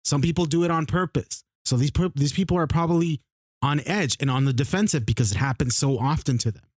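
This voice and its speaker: A man's voice: on the high side, fairly quick, no echo. A man co-hosting a podcast, arguing heatedly in a casual debate, swearing often and talking over the other speaker. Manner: argumentative, swears a lot, talks over others. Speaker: podcast co-host.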